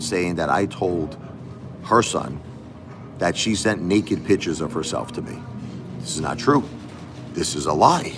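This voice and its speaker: A man hosting a live stream in a casual monologue, aggrieved and repetitive, putting rhetorical questions to his viewers. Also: low-pitched.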